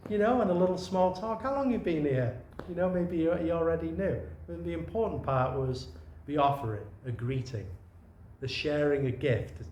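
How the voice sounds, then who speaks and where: A man's medium-pitched voice, carrying a little hiss or hum, delivers a loose, conversational dharma talk as a Zen teacher. He meanders, restarts sentences often and offers soft asides, his words echoing faintly in a meditation retreat room with some ambience.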